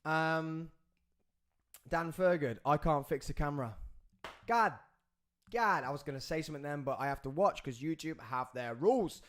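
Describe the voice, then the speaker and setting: A man's voice: fairly high pitch, expressive, moderate pace, long pauses, a bit bright. A man hosting a live podcast. He rambles and jokes, and he keeps breaking off to talk to the crew. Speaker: podcast host.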